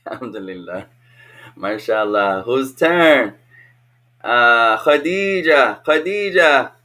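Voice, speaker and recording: Slow, bright-voiced teacher of children. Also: medium pitch. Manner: patient, repeats each question slowly. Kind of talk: online children's language lesson. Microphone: video call.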